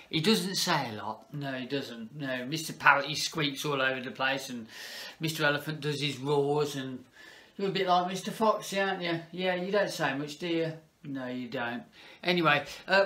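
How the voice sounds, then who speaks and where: A man's voice: on the high side, normal speed, bright, forceful tone. A man, working as a children's entertainer, chatting playfully to kids and a puppet. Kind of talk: children's party entertainer talk.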